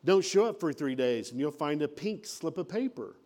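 A man's voice: fairly high pitch, expressive, moderate pace, a little mellow. A man preaching a sermon in a folksy, conversational way, acting out little everyday scenes. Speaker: pastor.

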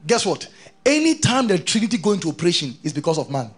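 A man preaches with a very high, husky voice that jumps around a lot in pitch. He quizzes his congregation again and again and reads scripture aloud between his points. Faint music plays behind him. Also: quick pace. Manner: animated, keeps questioning the congregation. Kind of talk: sermon to a congregation.

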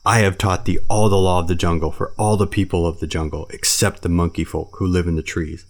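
A stern yet tender old bear from a jungle storybook, played by a man reading. He lectures solemnly in a very low voice. He is firm, with a rumbling depth. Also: little pitch movement, a little fast.

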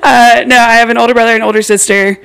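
A woman's voice: on the high side, fairly even intonation, quick pace, vocal fry, a bit bright. A young woman from Maryland, a guest on a comedy podcast, joking in a dry, self-deprecating way and giggling often. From Maryland, near Baltimore. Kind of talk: casual comedy podcast chat.

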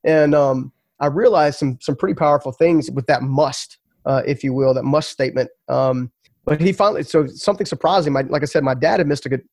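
A man's voice: on the high side, brisk, a little mellow, no echo, clean studio sound. A man telling his story as a podcast guest, earnest and emphatic, often repeating words.

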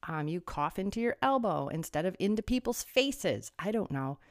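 A woman's voice: lowish voice, big pitch swings, moderate pace, no room sound, clean studio sound. A woman delivering a sarcastic political commentary monologue, full of rhetorical questions.

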